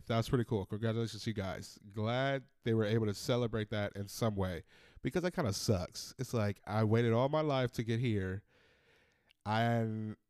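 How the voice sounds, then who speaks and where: A man in his thirties hosting a podcast, ranting in a casual, profane, animated monologue. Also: lowish voice, smooth, no echo, clean studio sound. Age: 30s. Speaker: podcast host.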